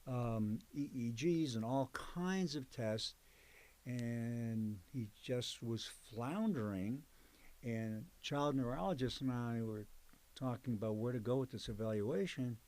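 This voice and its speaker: A man's voice: mid-range voice, slow pace, a little mellow. An older man, a psychologist and professor, recalling his career in an oral history interview, speaking in a conversational, digressive way. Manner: conversational, digressive storyteller with fillers.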